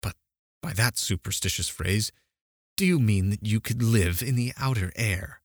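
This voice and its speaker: A man's voice: fairly low pitch, moderate pace, no room sound, studio quality, close to an everyday voice. A man voicing a stern, dismissive mother. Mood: cold, dismissive. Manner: cold, questioning.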